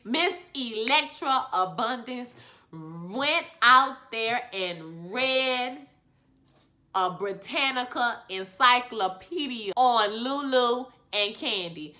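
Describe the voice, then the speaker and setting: Sassy bright-voiced woman vlogger. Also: fairly high pitch, slow pace. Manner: sassy, animated, full of ballroom slang. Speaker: TV show reviewer. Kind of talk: casual TV recap vlog.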